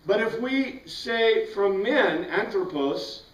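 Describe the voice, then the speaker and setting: Taking his time, this man leads a Bible class by asking questions and answering them himself, his high voice full of expression. The recording is dull and roomy, captured from a distance with the mic well away from him.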